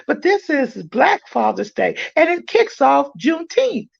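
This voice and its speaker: A man hosting a podcast, speaking loudly and emphatically in a churchlike, preaching manner. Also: very high-pitched, big pitch swings, a little slow, vocal fry, dull audio. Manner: loud, emphatic, church-like delivery. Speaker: podcast host. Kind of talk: preaching-style announcement.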